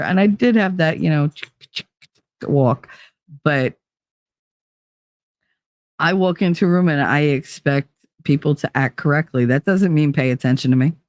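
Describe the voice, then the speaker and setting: A woman's voice: deep voice, no room sound, studio quality. Blunt, profane Jersey woman chatting live. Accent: New Jersey. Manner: blunt, profane, rambling and laughing. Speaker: livestream host. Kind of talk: casual chat with live viewers.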